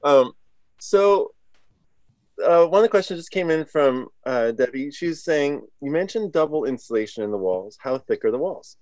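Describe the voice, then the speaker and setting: A man's voice: on the high side, lively intonation, moderate pace, darkish tone, dry recording. A man moderating a webinar over a video call, apologetic and friendly as he reads out audience questions. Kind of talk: hosting a webinar Q&A.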